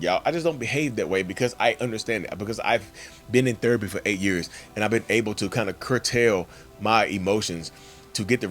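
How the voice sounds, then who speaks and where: A man's voice: lowish voice, a bit bright. A man hosting a casual, emphatic monologue for his channel and addressing viewers directly as y'all. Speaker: channel host.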